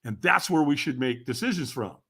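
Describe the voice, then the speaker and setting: An older man speaking as a podcast guest, his voice bright and forward. He swings widely in pitch as he tells lively anecdotes and laughs through them. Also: fairly quick, husky. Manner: animated, laughs while telling anecdotes. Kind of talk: casual interview storytelling.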